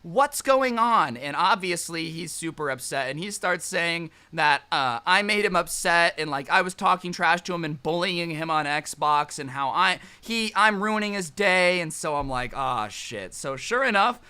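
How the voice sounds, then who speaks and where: A man's voice: a little high, normal speed, few pauses, sharp tone, clean tone. A man telling a story in a casual vlog, with sarcastic joking asides. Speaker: storytime vlogger.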